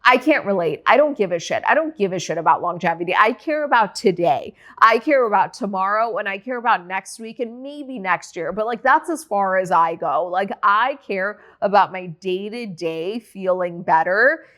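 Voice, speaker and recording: A young woman hosting her own podcast, telling a personal story in a candid, animated way with frequent swearing and filler likes. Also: medium pitch, normal speed, hardly any pauses. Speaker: podcast host. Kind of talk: casual solo podcast chat.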